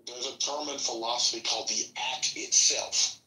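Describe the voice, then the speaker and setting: Man, arguing debater, very sharp tense voice, far from the mic, roomy, faint noise. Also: medium pitch, fairly even intonation, moderate pace. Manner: explaining, argumentative. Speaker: debater in a chat room. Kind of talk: casual debate.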